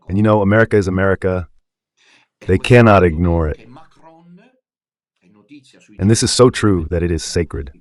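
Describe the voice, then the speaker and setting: Deep-voiced Italian man preaching emphatically. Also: normal speed, pauses often. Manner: emphatic, rhetorical, addresses listeners directly. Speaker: radio preacher. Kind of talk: impassioned religious commentary.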